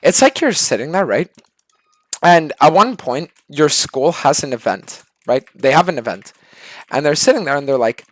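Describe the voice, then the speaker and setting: A man's voice: on the high side, lively intonation, moderate pace, no room sound. A male streamer telling an absurd story in a casual, profane rant.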